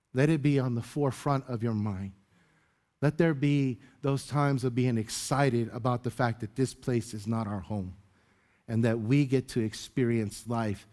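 A man's voice: mid-range voice, a little mellow. Man preaching in a chatty storytelling way. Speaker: pastor. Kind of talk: conversational sermon with a personal story.

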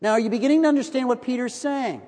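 Middle-aged man, american, sermon, storytelling, high voice, long hall reverb. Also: very fast. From United States. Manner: storytelling, animated, drops to a hush for emphasis. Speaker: preacher.

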